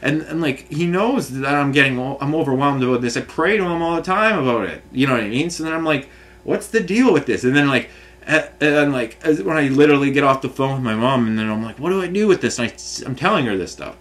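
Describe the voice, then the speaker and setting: A man's voice: medium pitch, quick pace, a bit bright. A man, ranting to camera in an agitated, rambling way with many fillers and restarts. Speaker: vlogger. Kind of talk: frustrated rambling rant to camera.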